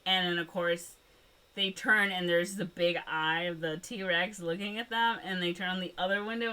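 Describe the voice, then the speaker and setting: A woman co-hosts a podcast and retells a movie plot in a loose, rambling chat full of "like" and "um". Her voice sits fairly low, but it has a bright, forceful edge. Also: fairly even intonation, moderate pace, clean tone. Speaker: podcast co-host. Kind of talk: casual movie recap chat.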